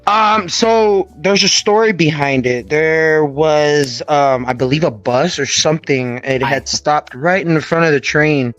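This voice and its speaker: A man's voice: a little high, unhurried, few pauses, fairly bright tone, muffled recording. A man telling a story in a casual interview, emphatic, often checking in with his listener. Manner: emphatic, keeps checking in with "right?" and "okay".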